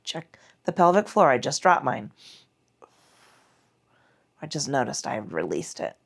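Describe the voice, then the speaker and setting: A Pilates instructor with a very deep, sing-song voice and vocal fry leads a mat class at an unhurried pace. She performs the moves while cueing breath and form, speaking against muscle contraction with slightly strained breathing.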